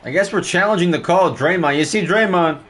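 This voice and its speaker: A young man streaming a basketball video game, talking live over his play, excitable and trash-talking with sudden high yelps. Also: brisk. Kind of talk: live gameplay commentary.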